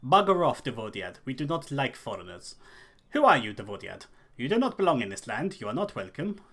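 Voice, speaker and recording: A man's voice: mid-range voice, very animated, moderate pace, fairly bright tone, breathy edge. Man doing hostile tribal woman, curt, suspicious, game dialogue. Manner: curt, unfriendly.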